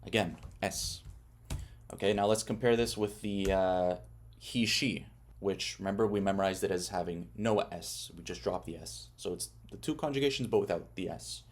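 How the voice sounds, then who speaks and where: A man's voice: deep voice, moderate pace. Casual man explaining a Spanish chart. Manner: explains patiently and asks the viewer questions. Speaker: Spanish teacher. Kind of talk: casual online lesson.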